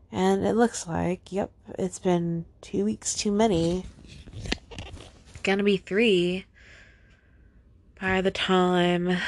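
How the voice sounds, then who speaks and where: A young woman hosting a solo podcast, tearful and venting, sighing often and trailing off in halting, repeated phrases. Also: fairly low pitch, gravelly, dry recording. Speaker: podcast host.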